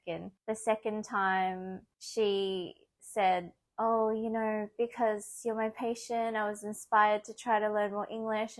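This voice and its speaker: Chatty young woman vlogging. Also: medium pitch. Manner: chatty and animated, acts out quoted voices, laughs often. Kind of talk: casual vlog narration.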